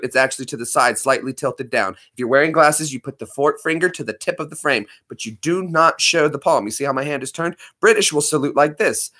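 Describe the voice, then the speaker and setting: Bright-voiced man chatting on a livestream. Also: medium pitch. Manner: rambling, joking, reads chat aloud. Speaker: livestream host. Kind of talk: casual livestream chat.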